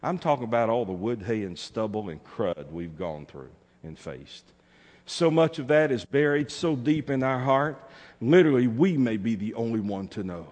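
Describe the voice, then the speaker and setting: A pastor preaches fervently with a mid-range voice, building from quiet urging to rousing calls. He repeats lines and leads his congregation in call-and-response. The long reverb of the church sanctuary trails behind every phrase. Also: medium pitch, lively intonation, moderate pace. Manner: fervent, repetitive call-and-response, rising to shouted exhortations. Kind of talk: sermon.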